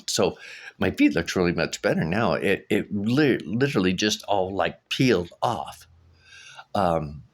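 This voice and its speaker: A middle-aged man vlogging casually, telling a story in a rambling way with many restarts and fillers. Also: sits low. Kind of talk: casual vlog monologue.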